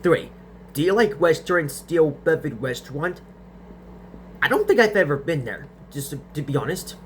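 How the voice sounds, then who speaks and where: A man's voice: on the high side, animated, moderate pace, a little hiss or hum. Young man stuttering through viewer questions. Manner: stutters and restarts sentences often. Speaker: host answering viewer questions. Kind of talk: casual Q&A vlog.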